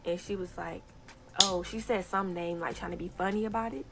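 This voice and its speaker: A young woman telling a casual story time on social media, animated and indignant, often breaking into laughter. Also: lowish voice, a little fast, very noisy. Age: young adult. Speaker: TikTok storyteller.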